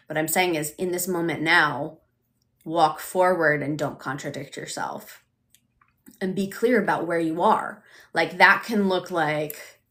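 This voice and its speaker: A woman's voice: fairly low pitch, fairly bright tone. A woman coaching on manifestation in a casual live stream, chatty and full of "like", acting out quoted self-talk.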